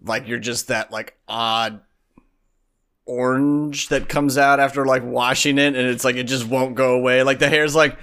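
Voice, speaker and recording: A man's voice: medium pitch, fairly even intonation, moderate pace, fairly bright tone, clear, resonant tone. A man co-hosting a podcast, telling a long story in casual chat, full of fillers and asides. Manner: rambling storytelling with many fillers. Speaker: podcast co-host.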